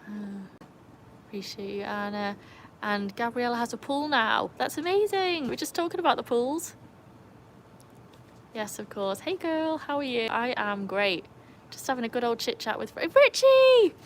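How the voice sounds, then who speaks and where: A woman's voice: on the high side, normal speed, long pauses, slight background noise, rough recording. Brit woman w/ birmingham-welsh mix accent, livestreaming from home, chatty, gets squealy saying hi to people. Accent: mixed Birmingham and North Wales English. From England and North Wales. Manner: chatty, greets viewers by name with bursts of excitement. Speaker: livestream host. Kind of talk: casual livestream chat with viewers. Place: home with a pool.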